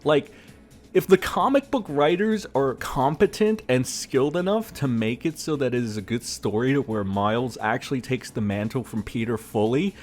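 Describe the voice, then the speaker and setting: A man's voice: mid-range voice, lively intonation, normal speed, soft background music. A man giving a profane, sarcastic rant as a gaming commentator. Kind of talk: ranting commentary vlog.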